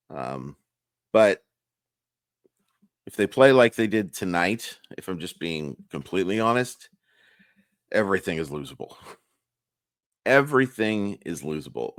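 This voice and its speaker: Young male host, low raspy and hoarse, frank rambling sports recap, dry room. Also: no echo. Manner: candid, frustrated, rambling with restarts. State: hoarse, losing his voice. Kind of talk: casual solo game recap. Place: home room, early morning.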